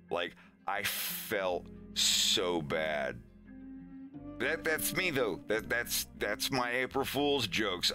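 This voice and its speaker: Young adult male streamer, casual storyteller, animated delivery. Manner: animated, acts out quoted voices with big high pitch jumps.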